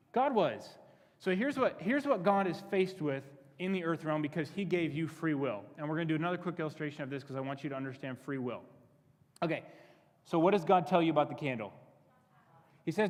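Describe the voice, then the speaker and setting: A man preaching to a youth group in a sermon style, energetic, firing questions at the crowd and repeating himself as he works up to his points. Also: on the high side, brisk. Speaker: youth pastor. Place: church sanctuary. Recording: long reverb of a church hall.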